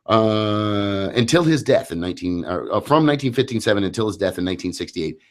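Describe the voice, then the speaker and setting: A man in his thirties with a low voice hosts a radio talk show. He chats casually, tells anecdotes and slips into voices for the people in them. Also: expressive, brisk. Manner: chatty, storytelling, acts out voices in anecdotes.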